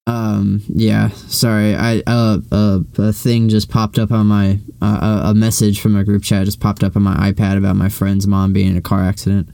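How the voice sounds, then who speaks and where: Mellow-voiced man, casual podcast chat. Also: lowish voice, completely flat delivery, normal speed, gravelly, few pauses, clear, resonant tone, no echo. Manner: rambling, lots of fillers and swearing. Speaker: podcast co-host.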